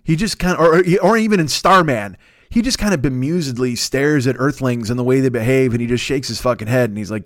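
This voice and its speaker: A man in his fifties, a podcast host rambling through a profane, animated casual monologue. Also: mid-range voice, quick pace, no echo, studio quality. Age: 50s.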